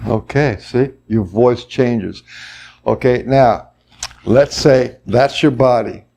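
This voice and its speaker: A man's voice: mid-range voice, vocal fry, warm tone, slight background noise. A man leading a workshop and teaching the group, explaining step by step and acting out example voices. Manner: explains slowly, then acts out voices. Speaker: workshop leader. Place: workshop room.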